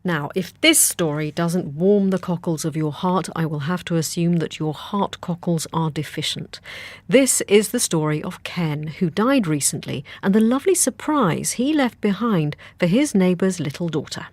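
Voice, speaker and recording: A woman's voice: on the low side, animated, normal speed, a little mellow, no room sound. A woman presenting a news podcast with a light, playful scripted delivery.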